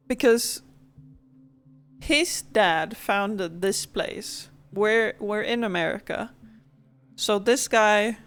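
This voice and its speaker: A woman streamer who makes wry, joking comments while she plays a game live. She talks in an unhurried, drawn-out way at a middle pitch, with faint music playing underneath. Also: clear, resonant tone. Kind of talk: casual live gameplay commentary.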